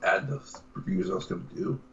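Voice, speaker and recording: A man co-hosting a casual podcast, talking in quick, hesitant bursts and correcting himself as he goes. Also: crowd noise. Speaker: podcast co-host. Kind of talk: casual live-stream podcast chat. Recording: dull lo-fi remote audio.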